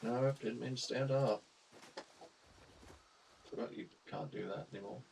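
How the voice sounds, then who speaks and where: A man's voice: mid-range voice, measured pace, creaky, a little mellow, slight background noise, low-quality recording. Chatty Australian man streaming games. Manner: chatty, laughs often, greets chat viewers. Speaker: game streamer. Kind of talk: casual live-stream chat.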